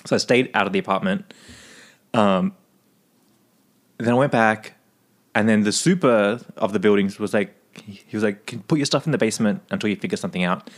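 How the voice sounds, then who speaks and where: A man from Australia, co-hosting a podcast and telling a story in casual, animated chat with frequent swearing. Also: lowish voice, brisk, long pauses. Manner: animated, swears, laughs often. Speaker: podcast co-host.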